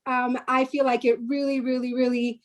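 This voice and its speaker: A woman with a high voice speaks as a panelist on a video call. She talks earnestly about inner life and repeats her words for emphasis. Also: flat delivery, moderate pace. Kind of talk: reflective spiritual talk.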